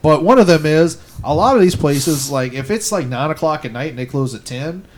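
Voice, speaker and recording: A man's voice: fairly high pitch, lively intonation, a little fast. Emphatic ranting man, casual chat.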